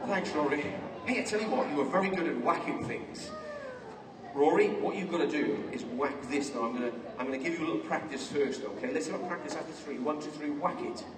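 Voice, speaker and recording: A fairly high-pitched man talks fairly quickly while clowning through a playful children's magic show, bantering with a young helper and letting out mock yelps of pain. The recording comes from a distant mic in a roomy theatre hall, with a loud crowd filling the background.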